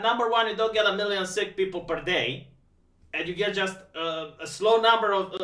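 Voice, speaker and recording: A high, bright male voice that mocks with dry sarcasm and trips over his own words as he restarts. He sits back from the mic in a room that echoes noticeably. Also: distant mic. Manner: sarcastic, mocking, stammering restarts. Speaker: live-stream host. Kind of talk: casual live-stream commentary.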